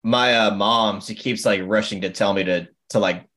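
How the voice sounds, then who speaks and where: A man's voice: lowish voice, steady tone, normal speed, a bit bright. A man chatting casually on a podcast, easygoing, with casual slang.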